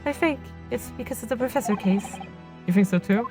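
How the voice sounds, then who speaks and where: A woman streamer reacting excitedly and laughing easily while she plays through a story game on a live stream. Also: fairly high pitch, brisk, faint music behind.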